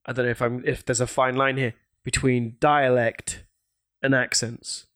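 A man co-hosting a casual film chat, relaxed and hesitant, with many fillers. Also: mid-range voice, normal speed, no echo, clean studio sound.

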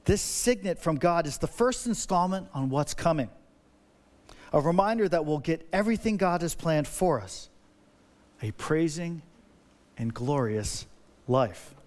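High-voiced, fired-up male pastor. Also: animated, a little slow, long pauses. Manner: emphatic and repetitive, builds energy with repeated phrases. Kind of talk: sermon.

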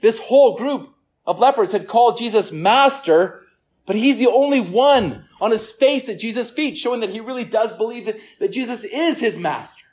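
A pastor preaching a sermon to a gathered congregation. The delivery is earnest, often repeats words, and falls quiet for emphasis. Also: mid-range voice, lively intonation, normal speed. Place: church service room with listeners.

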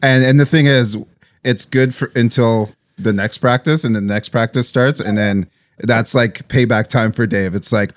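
A man co-hosting a casual chat, chiming in with brief reactions and quick remarks. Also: mid-range voice, no echo, clean studio sound.

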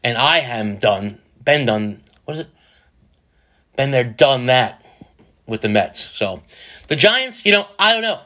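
Bright, rambling man. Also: medium pitch, sing-song, a little slow, pauses often. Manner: rambling, profane, jokey, lots of restarts. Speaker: podcast host. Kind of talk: casual solo podcast monologue.

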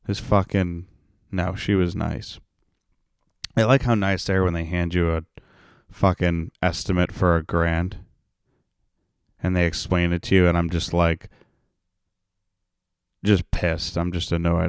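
Profane deep-voiced man ranting. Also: level tone, a little slow, long pauses, clear, resonant tone, no echo, studio quality. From Rhode Island, United States. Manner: profane, rambling, sarcastic. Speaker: podcast host. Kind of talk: casual solo podcast rant.

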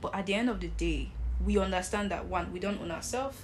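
Female co-host, lively and emphatic, faint hiss behind. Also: mid-range voice, a little fast. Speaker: podcast co-host. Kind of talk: casual faith chat.

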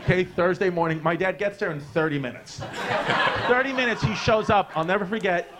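New male comic in his 30s, loose profane storyteller, higher-pitched, live club audio with noisy room. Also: fairly quick. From New York. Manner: brash, profane, rambling with fillers. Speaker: stand-up comedian. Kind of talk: stand-up storytelling. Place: comedy club stage with live audience.

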